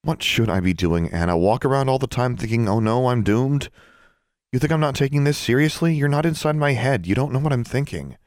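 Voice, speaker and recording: A man voicing a stubborn, sharp-tongued teenage heroine in an audiobook. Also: medium pitch, lively intonation, fairly quick, no room sound, clean studio sound, pitched above the performer's own voice, lightly acted. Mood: heated.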